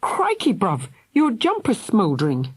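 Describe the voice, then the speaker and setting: A woman's voice: medium pitch, huge pitch swings, measured pace, husky, pitched above the performer's own voice, heavily acted. A woman voicing a brave, bossy young girl who urges her little brother on, in an audiobook. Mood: urgent. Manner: urgent, breathless bossiness. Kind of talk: audiobook character voice.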